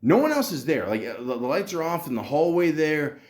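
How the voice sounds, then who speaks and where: Male podcast host, animated storyteller; lively, swooping pitch, a bit high, profane, stammers and restarts. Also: brisk. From Canada. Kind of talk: casual storytelling rant.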